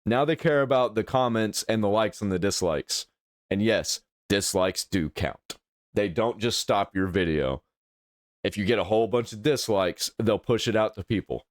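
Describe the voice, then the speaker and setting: A man's voice: on the low side, lively intonation, normal speed, dry recording, studio quality. A man hosting a reaction video, talking bluntly in casual commentary and swearing as he rants.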